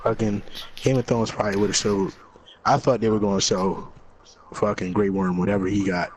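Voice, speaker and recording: A man's voice: lowish voice, little pitch movement, normal speed, rough recording. A man chatting casually and sounding a bit distracted while he plays a video game.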